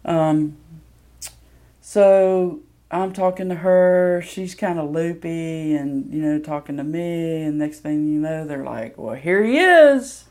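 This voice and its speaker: A woman's voice: low-pitched, steady tone, takes it slowly, dark tone. A woman from Mississippi, candidly telling a personal story with plenty of ums. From Mississippi, USA. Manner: candid, self-deprecating, loose with fillers.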